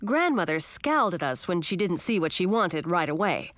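A woman's voice: fairly low pitch, sing-song, moderate pace, a bit bright, dry recording. A woman narrating a fantasy storybook in the first person, reading expressively. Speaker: audiobook narrator.

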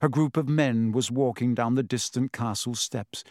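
A man narrating an audiobook in a measured, steady storytelling manner. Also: mid-range voice, no echo, studio quality. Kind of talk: scripted narration.

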